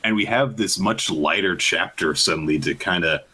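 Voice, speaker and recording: Man, podcast co-host, casual chat, deep voice, raspy tone, acts out lines. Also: moderate pace, rough recording. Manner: animated, acts out characters' lines in high voices. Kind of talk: casual chat recapping manga.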